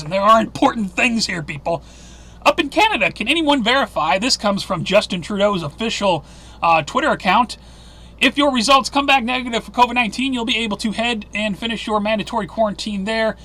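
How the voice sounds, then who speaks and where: A man hosting a weekly news roundup, talking fast with sarcastic asides and fillers. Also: very high-pitched, bright, forceful tone. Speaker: news commentary host.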